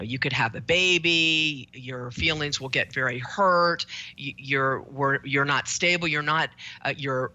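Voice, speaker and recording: A woman's voice: low voice, pushed and bright. A woman psychotherapist, a guest on a talk show, explaining in an earnest way with frequent restarts.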